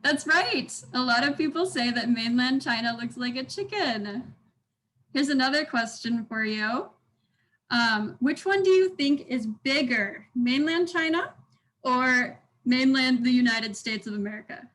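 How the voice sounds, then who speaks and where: Young woman, slightly high voice, online language instructor, upbeat, encouraging, video call mic. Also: animated, a little slow, fairly bright tone, low-quality recording. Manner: upbeat, encouraging, demonstrates tones aloud.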